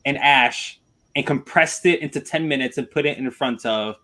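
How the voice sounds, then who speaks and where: A man's voice: mid-range voice, normal speed, bright, forceful tone. A man in a casual film podcast chat, talking enthusiastically and rambling, often repeating himself. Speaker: podcast panelist.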